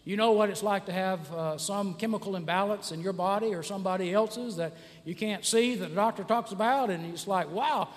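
High-voiced pastor in a reverberant church. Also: male voice, brisk, hardly any pauses. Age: 60s. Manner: conversational, frequent "uh" fillers and restarts. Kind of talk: sermon. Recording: church hall with long reverb.

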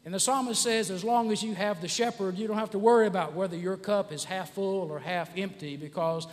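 Man, 60s, pastor giving a sermon, high-pitched, rambling and filler-heavy, in a church with long reverb. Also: steady tone, brisk. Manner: conversational, frequent "uh" fillers and restarts.

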